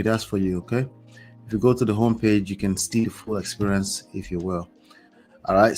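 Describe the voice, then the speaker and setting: A man's voice: on the low side, darkish tone. A man hosting a livestream, reading a story aloud and breaking off for chatty asides to his viewers. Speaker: host.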